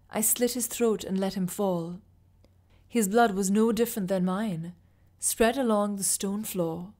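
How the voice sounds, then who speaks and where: A woman narrating a dark fantasy story in the first person, in a steady and even way. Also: medium pitch. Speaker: audiobook narrator. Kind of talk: first-person fiction reading.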